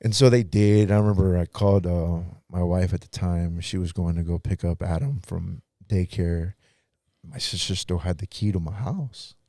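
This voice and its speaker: A man's voice: low-pitched, moderate pace, mellow, dry recording, studio quality. A pastor guest in a podcast interview, telling his own story in a casual, earnest way and acting out what others said.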